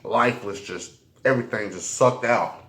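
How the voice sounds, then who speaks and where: A man's voice: fairly low pitch, measured pace, fairly bright tone. Guy doing a storytime mukbang, cussing a lot, rambling, stops and restarts. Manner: profane, slangy, rambling. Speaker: mukbang vlogger. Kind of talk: storytime while eating.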